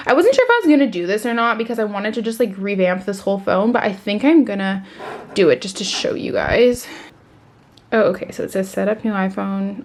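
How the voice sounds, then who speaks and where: Unboxing a new phone in her vlog, a woman in her twenties squeals with excitement. Her voice is on the high side, and she gushes nonstop with "like" and "oh my god."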